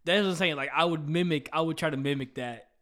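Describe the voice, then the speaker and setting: A man's voice: on the high side, quick pace, a bit bright. A young adult man hosting a casual podcast chat, laid-back and full of "like" and "you know". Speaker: podcast host.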